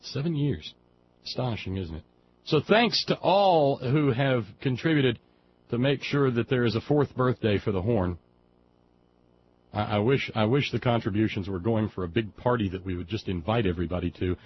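A man from West Virginia with a medium-pitched, animated voice hosts a liberal talk radio show at a moderate pace, giving a folksy, digressive, impassioned political monologue. The audio is dull and lo-fi with faint background noise.

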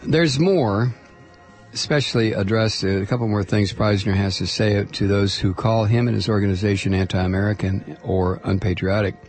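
A man's voice: lowish voice, steady tone, normal speed, darkish tone, faint music behind. A man hosting talk radio, reading quotes aloud and commenting with frequent hesitant fillers. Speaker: radio host.

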